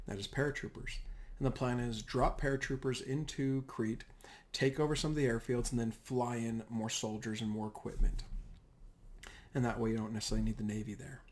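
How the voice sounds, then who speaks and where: A man's voice: mid-range voice, a little hiss or hum. A man giving a casual, rambling history lecture over slides, often correcting himself mid-sentence. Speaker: history teacher.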